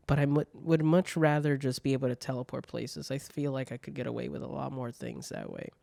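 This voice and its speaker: A man's voice: mid-range voice, vocal fry, mellow, no echo, clean studio sound. A young man hosting a solo podcast, telling stories in a casual, profane way. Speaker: podcast host.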